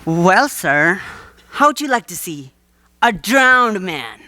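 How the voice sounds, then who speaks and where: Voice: mid-range voice, very animated, slow, bright, forceful tone, dry recording, full character voice. A teenage student actor playing a wheedling male waterfront huckster in a live school stage play, with a theatrical salesman's patter.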